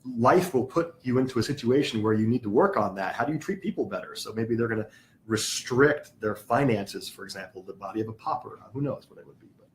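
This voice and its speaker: A man's voice: on the low side, expressive, fairly quick, a little hiss or hum. A man teaching a spiritual class, patiently explaining terms, spelling words out and asking the class questions.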